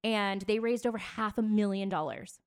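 A woman's voice: medium pitch, fairly even intonation, moderate pace, clear, resonant tone. A woman co-hosting a podcast, telling celebrity news in a chatty, gossipy way. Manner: chatty, gossipy storytelling with bursts of laughter. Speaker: podcast co-host. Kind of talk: casual chat.

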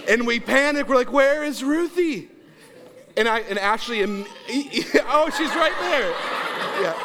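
High-voiced animated male pastor. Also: noisy background. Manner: animated storytelling, acts out quotes with big pitch jumps, laughs along. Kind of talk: sermon. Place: church sanctuary.

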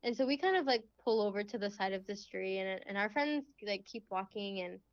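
A young woman guest telling a faith story in casual chat, full of "like"s and quick laughs. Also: mid-range voice, dry recording. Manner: chatty, many fillers and "like"s, laughs often. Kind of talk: casual testimony in a faith podcast. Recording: slightly dull, lo-fi.

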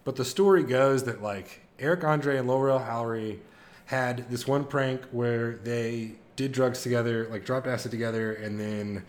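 Brief: male co-host, mid-pitched, animated storyteller, casual chat. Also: moderate pace. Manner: excited storytelling with laughs and impressions. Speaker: podcast co-host.

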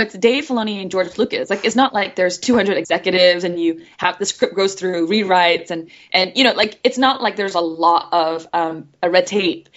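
A woman who voices animated characters, chatting in a guest interview in a bubbly, giggly way and acting out the voices she quotes. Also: fairly low pitch, lo-fi sound. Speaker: guest voice actress. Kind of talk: casual interview chat.

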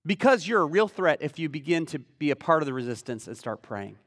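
Animated male pastor in a reverberant hall. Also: fairly high pitch, quick pace, studio quality. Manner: animated, conversational preaching with rhetorical questions. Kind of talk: sermon.

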